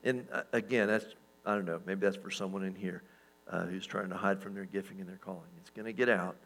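A man pastor giving a sermon in a relaxed, conversational way, with lots of fillers and restarts and chuckles at his own stories. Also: sits low, brisk, vocal fry, low-quality recording.

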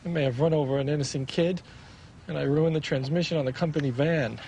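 A man's voice: fairly high pitch, fast talker, vocal fry, darkish tone, slight background noise. A fretful, lonely middle-aged man. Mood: anxious, pleading. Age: 40s. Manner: pleading, fretful. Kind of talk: 1990s TV sitcom acting.

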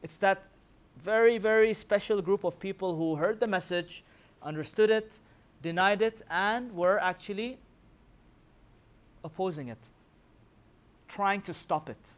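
A man teaching a Quran commentary class, quizzing his listeners with rhetorical questions and reciting verses in a quick chant. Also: high-pitched. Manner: recites scripture in rapid chanting. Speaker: religious teacher.

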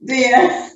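A woman hosting a casual interview from her home over a video call, friendly and quick to laugh. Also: high-pitched, fairly bright tone, highs cut off. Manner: friendly, laughs readily, asks questions. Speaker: host. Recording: echoey room, far from the mic, faint noise.

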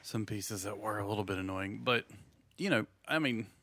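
Gravelly laid-back man, dry sound. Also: fairly low pitch, moderate pace, sharp tone, no echo. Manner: laid-back, wry asides and short agreements. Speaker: podcast co-host. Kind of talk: casual chat.

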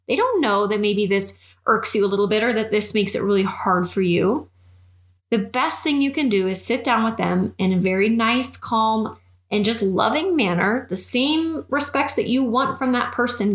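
A woman coach with a somewhat high voice gives earnest, encouraging advice. She acts out short bits of dialogue as she goes. The room around her is noticeably echoey. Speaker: fitness and nutrition coach. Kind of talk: advice monologue.

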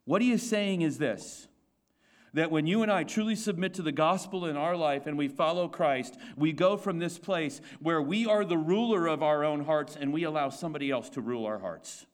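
A high-voiced pastor speaks at normal speed during a Sunday sermon. He leans on rhetorical questions and repetition to press his points, and he restarts himself as he figures out each thought.

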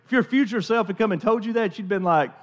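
A man's voice: high voice, quick pace. A man preaching a sermon as pastor in a church, chatty and conversational, often restarting and repeating words.

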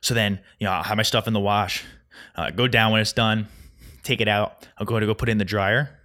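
A young man hosting a solo podcast, rambling through a casual rant at a quick, anxious clip. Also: lowish voice, steady tone, pushed and bright. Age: young adult. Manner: fast, rambling, anxious storytelling. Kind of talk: casual ranting monologue. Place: Chicago.

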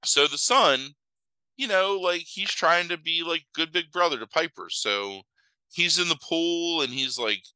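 Bright, chatty man recapping a movie. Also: on the high side, lively intonation, smooth, dry recording, poor audio. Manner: rambling, acts out scenes in quick mock voices; swears freely, lots of fillers. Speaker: podcast host. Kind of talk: casual movie recap chat.

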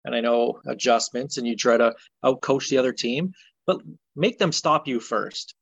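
A man's voice: mid-range voice, moderate pace, gravelly, husky, dry recording. Podcast co-host, man, exasperated sports ranter, dry dull lo-fi sound. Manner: exasperated ranting, animated. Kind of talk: casual sports chat.

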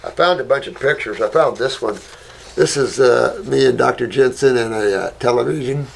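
A man's voice: mid-range voice, normal speed, gravelly, slight background noise. A man hosting a casual health talk, answering viewer questions in a folksy, rambling way and calling listeners honey.

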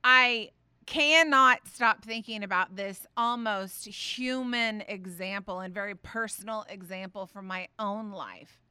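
A woman, hosting a faith podcast and telling a family story in a chatty, animated way full of fillers. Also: mid-range voice, measured pace, clean tone, no room sound. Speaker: podcast host.

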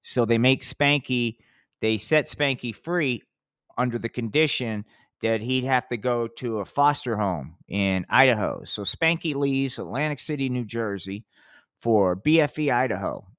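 A man's voice: medium pitch, lively intonation, measured pace, fairly bright tone, no room sound. Guy rambling on his live podcast, cussing a lot, cuts himself off, dry close mic. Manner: rambling, profane, self-interrupting. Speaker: podcast host.

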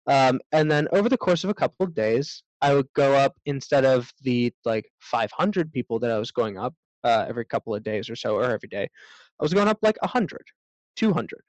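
A man's voice: medium pitch, animated, a little fast, no echo, poor audio. A man, a self-defense instructor, speaking as a guest in a casual interview, thoughtful and a bit rambling.

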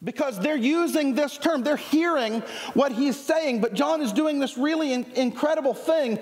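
A man with a Southern US accent delivers a sermon in a lively, chatty way, joking with his congregation between points. His voice sits very high for a man. The sound rings with the long reverb of a church hall. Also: moderate pace. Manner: lively, conversational preaching with jokes and asides. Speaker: preacher. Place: church sanctuary.

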